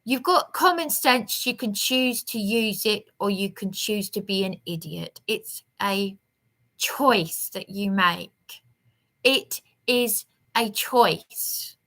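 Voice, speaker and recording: Slow, aggrieved woman. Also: medium pitch, expressive, a bit bright. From England. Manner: aggrieved, rambling, emphatic. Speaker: vlogger. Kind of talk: ranting vlog monologue.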